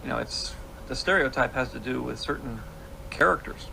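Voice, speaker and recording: A man explaining his filmmaking choices in a measured interview, from noisy archival audio. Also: mid-range voice, gravelly, pushed and bright. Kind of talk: reflective interview talk.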